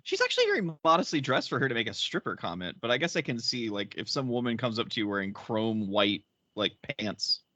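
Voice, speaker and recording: A man chatting casually as a podcast co-host, wry and quick to laugh. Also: mid-range voice, sing-song, bright, forceful tone, dry recording. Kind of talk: casual chat.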